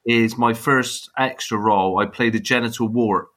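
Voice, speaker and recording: A man's voice: medium pitch, fairly even intonation, normal speed, a bit bright. A man in his fifties with a Bristolian accent, a blunt, chatty interview guest who laughs and swears easily. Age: 50s. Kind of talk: casual interview chat.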